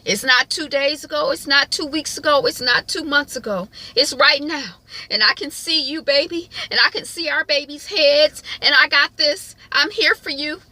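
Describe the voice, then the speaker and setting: A woman's voice: lowish voice, fairly even intonation, normal speed, gravelly, few pauses, a little mellow, no room sound. A woman voicing a young husband reassuring his wife in an emphatic, raised voice.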